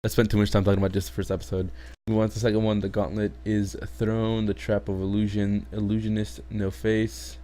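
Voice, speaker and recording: A man's voice: fairly low pitch, little pitch movement, brisk, mellow. A man hosting a casual anime review, rambling, swearing heavily and laughing in disbelief. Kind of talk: casual chat.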